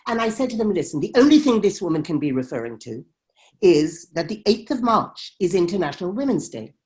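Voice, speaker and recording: A woman's voice: lowish voice, sing-song, brisk, darkish tone. A woman documentary filmmaker telling a story in an interview, emphatic and dramatic as she acts out heated exchanges.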